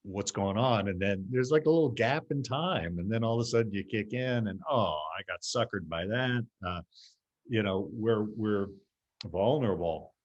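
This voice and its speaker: A martial arts teacher joins a casual video call as a guest, telling animated stories and acting out little scenes as he talks. His voice is fairly low and moves at normal speed, but the recording is muffled.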